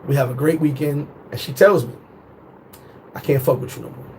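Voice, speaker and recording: A man's voice: on the high side, steady tone, brisk, darkish tone, a little hiss or hum, poor audio. A man in his thirties telling a story in a casual, profane way, jumping into voices for the people in it. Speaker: vlogger.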